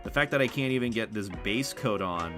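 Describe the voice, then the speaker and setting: A man's voice: on the low side, lively intonation, a little fast. A young man chatting casually on a livestream, rambling and self-deprecating, with some swearing. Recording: music playing behind the voice.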